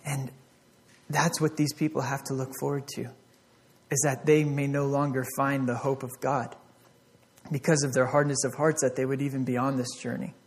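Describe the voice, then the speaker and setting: A man's voice: mid-range voice, little pitch movement, moderate pace. A man preaching a conversational sermon as pastor, acting out back-and-forth dialogue with God.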